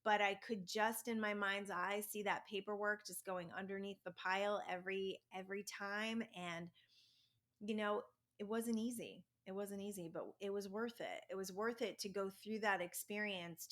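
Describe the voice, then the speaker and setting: A woman's voice: medium pitch, moderate pace. A middle-aged woman hosting a self-help podcast, telling personal stories in a chatty, upbeat way. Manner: chatty storytelling, animated and upbeat. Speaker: podcast host. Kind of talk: casual spiritual self-help monologue.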